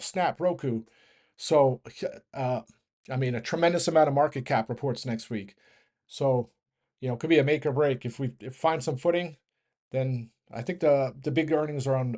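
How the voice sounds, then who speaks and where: A man with a medium-pitched, darkish voice hosts a stock market show, launching into a casual, rambling rant. His train of thought moves fast, and he often corrects himself and laughs.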